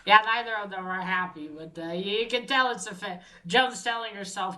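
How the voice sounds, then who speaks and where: Woman chatting through a story recap, bright tone, lots of uh and um, chuckles here and there. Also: mid-range voice, normal speed, hardly any pauses, poor audio. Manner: rambling, hesitant with many fillers and self-corrections; chuckles while retelling. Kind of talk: casual retelling.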